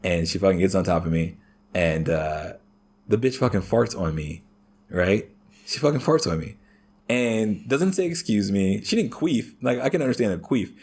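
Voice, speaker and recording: A man chatting casually as a podcast guest, swearing heavily and telling crude stories in an animated way. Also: low voice, normal speed, breathy edge. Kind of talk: casual chat.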